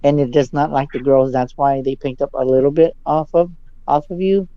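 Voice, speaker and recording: A male psychic giving a dramatic live reading over a video call. He often drops into low, hushed asides. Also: fairly even intonation, normal speed, smooth, no echo, lo-fi sound.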